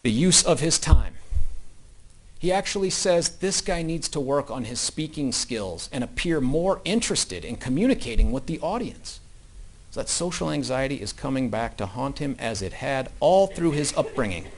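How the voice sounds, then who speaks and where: A man's voice: big pitch swings, moderate pace. Man delivering a courtroom opening statement. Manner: storytelling, swinging between loud emphatic bursts and low quiet asides. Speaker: prosecutor.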